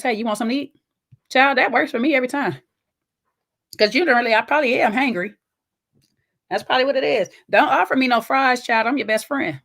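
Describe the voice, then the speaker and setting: Sassy woman reacting to a clip, high voice, talks right at you. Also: fairly bright tone. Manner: sassy, emphatic, talks straight to the viewer. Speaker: reaction video host. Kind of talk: casual commentary reacting to a clip.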